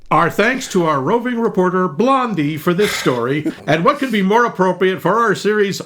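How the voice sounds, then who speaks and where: An older man co-hosts a movie podcast in loose, playful chat. His voice sits a little high and swings widely in pitch, and he keeps tossing in silly jokes. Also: animated, normal speed, few pauses, fairly bright tone. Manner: playful, jokey, breaks into silly bits. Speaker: podcast co-host. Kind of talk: casual chat about movies.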